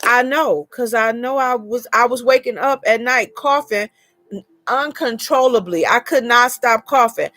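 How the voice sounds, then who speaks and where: A woman's voice: on the high side, a little slow, fairly bright tone. A woman hosting a casual live chat, telling a long personal story in a rambling way and greeting viewers by name.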